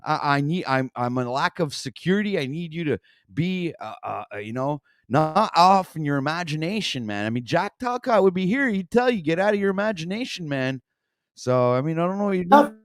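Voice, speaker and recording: A man's voice: fairly high pitch, animated, a little fast, dry recording, studio quality. A man hosting a talk stream, reacting to a video with rambling, profane commentary full of fillers and swearing. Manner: swears constantly, rants and trails off with fillers.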